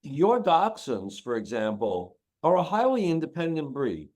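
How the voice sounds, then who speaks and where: A man speaking as a guest on a podcast, telling stories about his work with dogs. He talks in an animated, emotional way, his pitch jumping around as he repeats phrases for emphasis. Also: measured pace. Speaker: dog trainer and author, podcast guest. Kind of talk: casual interview talk.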